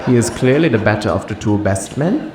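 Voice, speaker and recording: A man's voice: lowish voice, expressive, a little fast, reverberant, noisy background, close to an everyday voice. A man voicing a prim, judgmental nagging figure that speaks in stiff, oddly formal sentences. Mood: disapproving.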